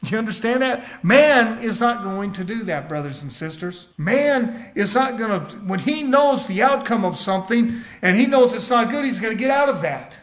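A man's voice: sits high, lively intonation, normal speed, a bit bright. A man preaching a sermon in a folksy storytelling way, acting out the people he quotes.

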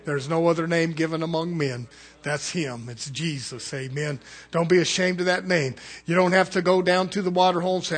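A man preaching a fervent sermon as pastor, swinging between loud urgent calls and hushed low asides. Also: steady tone, a little fast.

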